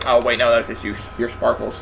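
A man's voice: medium pitch, flat delivery, fairly quick, gravelly, noisy background. A young man hosting a let's play, joking and bantering casually while playing. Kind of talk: casual gaming commentary.

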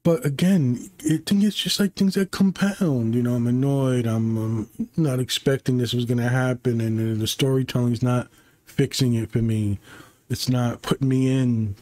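A man's voice: medium pitch, fairly even intonation, moderate pace, darkish tone, no room sound. A man hosting his own channel, giving an unscripted, swear-filled, rambling review full of exasperation. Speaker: channel host reviewing a TV series.

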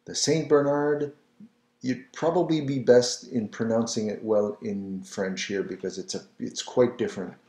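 A man giving a patient, slow pronunciation lesson, saying each word again and again for the listener to repeat. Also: medium pitch, steady tone, warm tone. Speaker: French language teacher. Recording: roomy echo.

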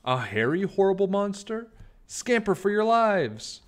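A man voicing a small, jittery female mouse in a storybook read-aloud, with an excitable, squeaky manner. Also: a little slow. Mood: alarmed.

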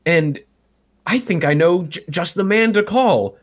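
A man's voice: high voice, lively intonation, measured pace. A man co-hosting a comedy show, introducing friends in a playful, mock-dramatic way. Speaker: podcast co-host. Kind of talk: casual comedic commentary.

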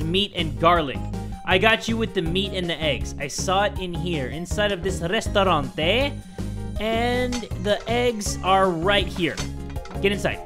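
A young man hosting video game commentary, excitable and joking, with loud outbursts. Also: high voice. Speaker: gaming channel host.

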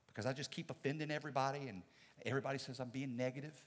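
A man, a pastor, preaching a sermon with dynamic swings from loud to soft. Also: mid-range voice, steady tone, very fast, big-room sound. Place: church sanctuary.

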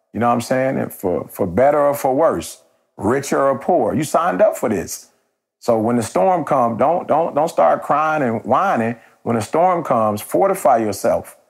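A man speaking as a motivational preacher in a mid-pitched voice. He tells a story with bursts of speed and lots of repetition. His delivery is casual and streetwise but builds into an exhortation. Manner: animated, rapid, repetitive, street slang.

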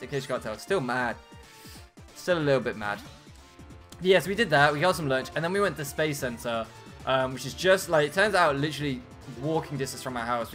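A British man, a let's play host, chatting casually to viewers in an animated, storytelling way. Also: mid-range voice. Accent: British English.

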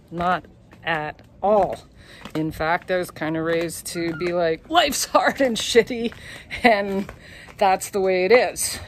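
A woman's voice: lowish voice, slight background noise. Candid, laughing woman vlogging outdoors. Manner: candid, laughing, swears freely. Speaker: tour guide. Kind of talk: casual vlog monologue. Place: outdoors on a hillside lookout.

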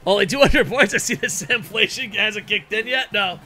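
Man, gameplay streamer, high-pitched, chatty and excitable, swears casually. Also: normal speed, soft background music. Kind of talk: casual chat over gameplay.

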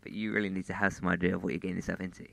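A man reading the lines of an intense, commanding young man who pleads in a low, hushed, urgent voice, in a plain storybook reading. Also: flat delivery, rapid-fire, vocal fry, dry recording, exaggerated voice.

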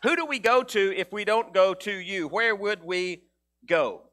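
With a high voice and a slightly slow delivery, a man preaches as pastor in a lively, conversational way. He often starts sentences over and performs the quotes he relays.

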